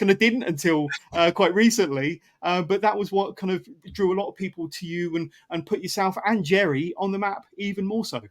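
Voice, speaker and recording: A man's voice: high voice, fairly quick, few pauses. A man hosting a casual podcast interview, rambling and enthusiastic with lots of fillers. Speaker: podcast host.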